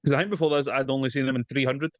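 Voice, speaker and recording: A man's voice: medium pitch, steady tone, racing, no echo, dull audio. A man in casual, sweary film chat, rambling and dropping mate and aye, talking over a video call. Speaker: podcast co-host.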